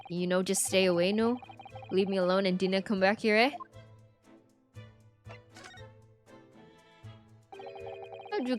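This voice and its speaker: A gruff, testy Scottish prison warder with a shaky, shifting brogue, as a woman reads him from a video game. He is brusque and dismissive, and his voice sits at a middling pitch with some faint music underneath. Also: natural voice. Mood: grumbling. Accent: put-on Scottish, inconsistent. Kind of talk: reading game dialogue aloud.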